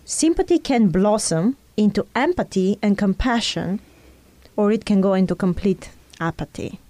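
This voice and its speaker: A woman talks through ideas with an earnest, explanatory tone, using her own experiences as examples. Her voice is mellow and soft-edged. The sound is dry and close, with no room around it. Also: medium pitch, animated, moderate pace, dry recording. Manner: earnest, teaching tone with personal examples. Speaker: speaker in a conversation.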